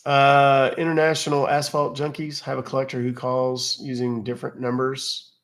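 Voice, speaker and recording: A man's voice: mid-range voice, monotone, moderate pace. Chatty man hosting a live stream. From Texas. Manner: chatty, loose, jokey, reads chat aloud. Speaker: livestream host. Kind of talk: casual live-stream chat reading viewer comments.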